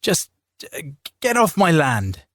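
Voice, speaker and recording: A man reading an audiobook, playing a hot-tempered farmer who shouts back in a strained, stubborn voice. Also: on the high side, huge pitch swings, slow pace, no room sound, clean studio sound, voice pushed up, exaggerated voice. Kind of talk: audiobook character voice.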